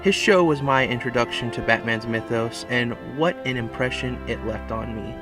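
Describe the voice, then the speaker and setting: A man's voice: medium pitch, moderate pace. Earnest man narrating a tribute. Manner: earnest, reflective. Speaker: video essay narrator. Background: music.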